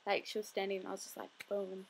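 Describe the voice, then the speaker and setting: A woman's voice: mid-range voice, little pitch movement, racing, gravelly, a little hiss or hum. A tired young woman telling a story in a chatty, rambling way with many fillers. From New Zealand. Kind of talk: casual storytelling vlog.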